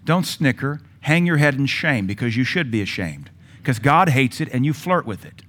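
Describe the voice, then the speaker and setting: A middle-aged male pastor preaching a sermon, with forceful rises in volume and sudden quiet drops. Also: mid-range voice, very animated, normal speed.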